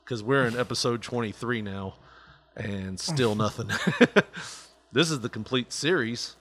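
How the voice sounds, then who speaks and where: A man's voice: medium pitch, measured pace, fairly bright tone. A male podcast host in casual, joking chat who laughs often.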